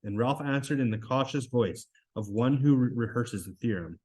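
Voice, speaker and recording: A man's voice: mid-range voice, moderate pace, hardly any pauses, darkish tone. A man reading a novel aloud in class, stopping now and then to explain it, with restarts along the way. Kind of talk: classroom read-aloud with commentary.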